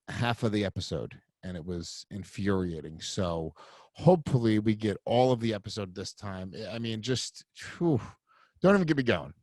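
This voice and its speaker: A man's voice: on the low side, a little mellow, no echo. A man hosting a podcast over a video call, chatting casually with a guest, swearing often and laughing as he talks. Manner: profane, fast-talking, laughing. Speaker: podcast host. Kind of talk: casual chat.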